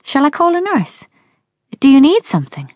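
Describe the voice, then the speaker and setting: A woman's voice: medium pitch, big pitch swings, unhurried, vocal fry, darkish tone, breathy edge, no echo, pitched above the performer's own voice, exaggerated voice. A woman voicing a worried adult daughter at her father's bedside, speaking anxiously.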